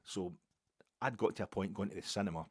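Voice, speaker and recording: A man's voice: deep voice, fast talker, husky, no echo, studio quality. A man with a Glaswegian Scottish accent, hosting a football podcast and telling rambling, self-mocking stories in casual chat. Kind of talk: casual monologue.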